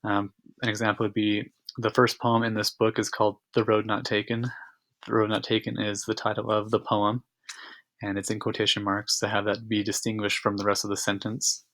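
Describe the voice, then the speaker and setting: A man teaching a narrated slideshow lesson, explaining calmly with frequent fillers and restarts. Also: fairly low pitch, a little fast. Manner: relaxed explanatory, many fillers.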